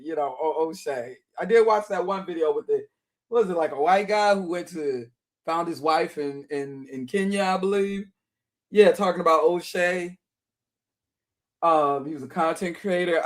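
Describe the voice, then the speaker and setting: A woman hosting a live stream, chatting casually with viewers in a talkative manner with laughing asides. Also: lowish voice. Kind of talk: casual reaction chat.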